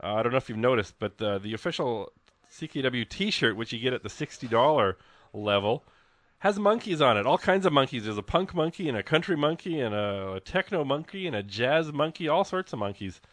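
A man hosting a live radio fundraiser, chatting in an excitable, rambling, jokey way from a studio. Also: mid-range voice, a little fast, dry recording. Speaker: radio host. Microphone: studio microphone.

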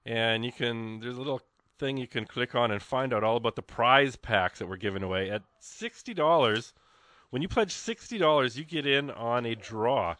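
A man's voice: medium pitch, lively intonation, moderate pace, pushed and bright, no echo. Chatty rambling radio host man. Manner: chatty, rambling, exclamatory with frequent fillers. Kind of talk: casual radio fund drive chat. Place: radio studio.

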